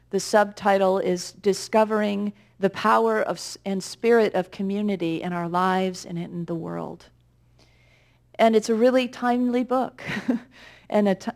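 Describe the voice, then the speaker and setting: A woman minister giving a conversational, gently humorous sermon with reflective pauses. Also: mid-range voice.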